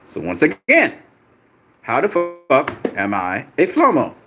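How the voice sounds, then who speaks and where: A man's voice: medium pitch, wildly swooping pitch, slow. A man hosting a boxing channel, answering viewer comments on a live stream in a combative, profane way, repeating himself for emphasis.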